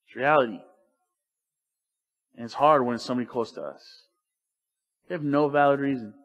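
A man preaching a sermon in church, animated and joking in a loose, colloquial way. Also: a little high. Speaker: pastor.

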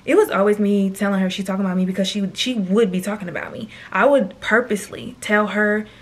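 A woman's voice: medium pitch, quick pace. A woman in her twenties telling a personal story to camera in a chatty, slangy way, often turning aside to address viewers. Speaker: storytime vlogger.

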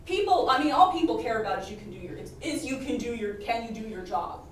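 A woman's voice: on the high side, animated, fast. A woman presenting on history to a live audience, chatty with many fillers, laughing often and losing her voice. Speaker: podcast host and presenter. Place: historic house presentation room. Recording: very echoey room, distant mic, faint noise.

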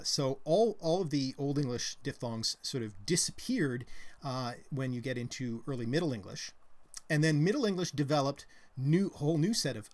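Give me a Canadian man with a mid-range voice, casually explaining linguistics with lots of pauses and restarts. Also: mid-range voice. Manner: hesitant, many ums and restarts. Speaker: co-host. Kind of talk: casual live-stream chat explaining linguistics.

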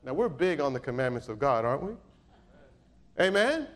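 A man's voice: mid-range voice, very animated, moderate pace. A male pastor preaching a sermon, reading scripture aloud and calling out questions to his congregation. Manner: reads scripture aloud in King James wording.

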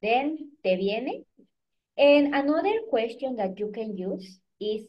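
A woman's voice: sits high, big pitch swings, unhurried. A woman teaching a live online language class over a video call, patiently prompting her students by name and coaching them. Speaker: Spanish teacher. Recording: dull lo-fi video call audio.

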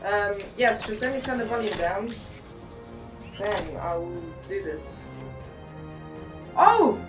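Excitable woman gamer, echoey room. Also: mid-range voice, unhurried, over music. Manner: excitable, chatty, many exclamations. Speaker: gamer streamer. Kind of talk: playing a VR game. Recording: echoey room, mic at a distance.

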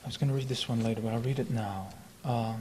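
A man giving a poetry reading at a live event, talking in a halting, reflective way with many fillers and restarts, then reciting his verse in a slow, measured voice. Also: medium pitch, steady tone, a little mellow, a little hiss or hum. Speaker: poet. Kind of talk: poetry reading with spoken introduction. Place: lecture hall at a live event.

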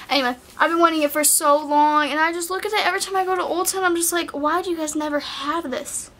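A woman's voice: high voice, sharp tone, a little hiss or hum. A teenage girl chatting casually through a makeup haul, gushing and filling her talk with "like" as she goes. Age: teens. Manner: chatty, gushing, heavy on "like" fillers. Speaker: beauty vlogger. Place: bedroom at night.

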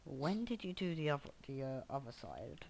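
A man's voice: mid-range voice, sing-song, normal speed, vocal fry, darkish tone, no room sound, low-quality recording. Hesitant giggly young man. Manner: hesitant, giggly, lots of ums. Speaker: gamer. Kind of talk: casual gaming chat.

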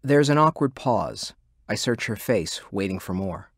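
An actor playing a calm interviewer who asks measured, probing questions. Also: male voice, fairly low pitch, slightly rough, no room sound, studio quality, exaggerated voice.

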